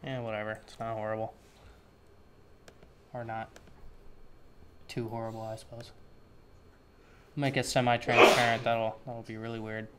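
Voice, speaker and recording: A man's voice: fairly low pitch, little pitch movement, moderate pace, long pauses, a bit bright, slight background noise. A man giving a casual screen-share web tutorial, thinking aloud with offhand, dry sarcastic asides. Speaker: web developer teaching a tutorial.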